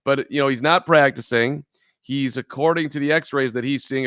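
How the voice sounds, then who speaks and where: A man's voice: medium pitch, moderate pace, fairly bright tone, smooth, no echo, studio quality. A man co-hosting a sports podcast, chatting playfully with jokes and stammered restarts. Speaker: podcast co-host. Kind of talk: casual sports talk.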